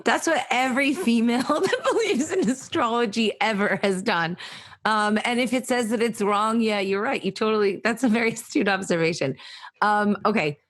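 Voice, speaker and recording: A woman's voice: a little high, moderate pace, a bit bright. A woman podcast host with a New Jersey accent, asking direct questions and teasing her guest in casual chat.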